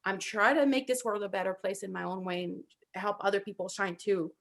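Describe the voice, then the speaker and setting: A woman with a thick French accent, co-hosting a casual chat and telling animated, self-deprecating stories. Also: mid-range voice, brisk, creaky. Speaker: podcast co-host.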